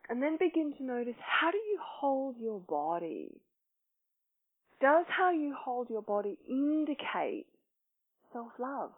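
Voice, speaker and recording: A woman who leads self-love workshops, teaching with probing questions and then guiding a slow, soft meditation. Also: high voice, sing-song. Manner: probing, asks many questions. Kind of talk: teaching talk and guided meditation. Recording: tinny phone-like sound.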